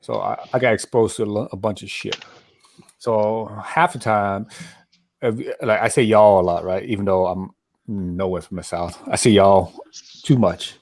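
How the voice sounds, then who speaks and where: Low-voiced rambling American man. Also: steady tone, normal speed, a little mellow, no room sound. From Colorado, USA. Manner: rambling, repeats himself. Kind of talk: casual chat.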